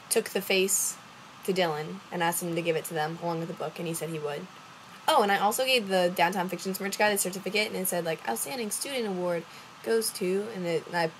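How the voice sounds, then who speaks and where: A woman's voice: lowish voice, slight background noise, low-quality recording. Chatty young woman telling a story. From Louisiana. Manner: rambling, acts out quoted voices, many fillers. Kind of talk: casual storytelling vlog.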